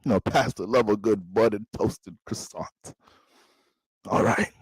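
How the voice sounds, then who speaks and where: A man's voice: on the low side, unhurried, breathy edge, no room sound, low-quality recording. A man putting on a mock preacher voice, chanting and preachy. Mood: preaching. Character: mock preacher, grand and churchy.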